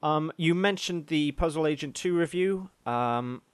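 A man co-hosting a podcast in casual chat, with dry deadpan jokes. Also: on the high side, a little slow, clear, resonant tone, no echo. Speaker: podcast co-host.

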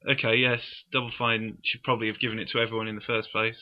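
A man co-hosting a casual podcast, reasoning things through with dry, deadpan quips. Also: lowish voice, fast, muffled recording. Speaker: podcast co-host.

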